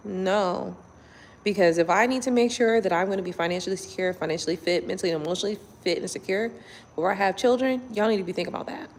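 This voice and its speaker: A woman's voice: mid-range voice, vocal fry, long reverb tail, a little hiss or hum. A woman doing a blunt, profane casual chat with her live viewers, talking to them from home at night. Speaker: tarot reader.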